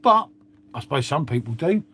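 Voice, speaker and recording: Middle-aged man, London accent, rambling livestream chat, swears a lot, slightly high voice. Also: very animated, moderate pace, a bit bright, breathy edge. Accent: London English. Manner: rambling, swears, frequent "mate" and tag questions. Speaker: livestream host. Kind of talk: casual chat to live viewers.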